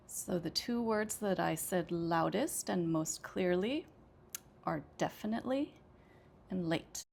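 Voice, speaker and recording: A woman's voice: on the low side, expressive, a little slow, creaky, darkish tone, a little hiss or hum. An American woman teaching an English pronunciation lesson, explaining patiently with frequent "okay" and small hesitations. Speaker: ESL teacher.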